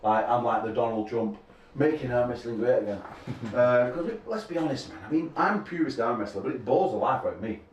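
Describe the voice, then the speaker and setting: A man's voice: medium pitch, expressive, a little fast, lo-fi sound, slight background noise. A middle-aged man, an arm wrestling promoter bantering at a press conference, rambling and telling crude jokes with frequent laughter. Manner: rambling, crude joking storyteller who laughs often. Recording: echoey room from a distance.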